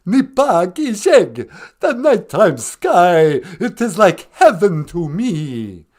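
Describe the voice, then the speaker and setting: A man's voice: high-pitched, very animated, full character voice. A man voicing a theatrical, self-pitying male vampire count with a mock Transylvanian drawl and an "ah, ah" cackle, in a comedic call-in sketch. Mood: eager. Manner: slow, melodramatic, self-pitying.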